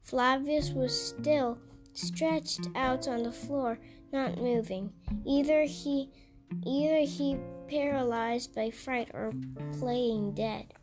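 A woman reading a children's novel aloud, halting and stumbling over words. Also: sits high, over music. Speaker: storybook reader.

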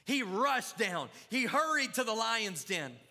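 Man, pastor, fervent sermon, very bright tense tone, long church reverb. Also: high voice, sing-song, unhurried, gravelly. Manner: fervent preaching with crowd call-outs. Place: church sanctuary.

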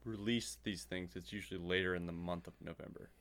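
A man's voice: low voice, steady tone, brisk, fairly bright tone. A man co-hosting a casual podcast, chatty and joking as he weighs in on news. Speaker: podcast co-host. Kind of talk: casual chat.

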